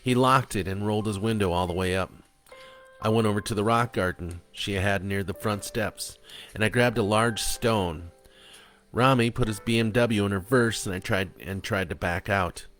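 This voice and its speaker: Low-voiced man reading his own dark prose. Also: normal speed. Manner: confessional, blunt storytelling.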